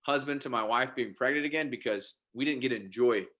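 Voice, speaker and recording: Male guest, forceful bright tone, animated, stumbles and restarts, casual story. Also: mid-range voice, brisk. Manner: animated, with frequent restarts and repeated words. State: married father. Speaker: podcast guest.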